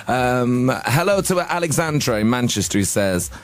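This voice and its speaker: A man's voice: mid-range voice, lively intonation, normal speed. A man hosting a radio show, chatting casually and teasing his guest. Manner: jokey, teasing. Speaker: radio host.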